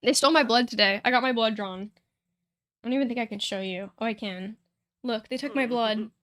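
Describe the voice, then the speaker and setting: A woman's voice: fairly high pitch, a little fast, fairly bright tone, no echo, studio quality. Chatty, rambling young woman streamer. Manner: rambling, chatty, laughs often, swears casually. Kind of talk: casual livestream chat while playing a life-sim game.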